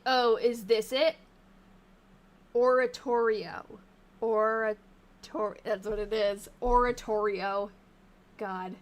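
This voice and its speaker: A woman's voice: medium pitch, fairly even intonation, a little slow. A tired woman hosting a live stream, thinking aloud as she reads old newspaper snippets and chats to her viewers. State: tired, yawning. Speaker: live-stream host researching old diaries. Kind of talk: casual live-stream chat while reading aloud.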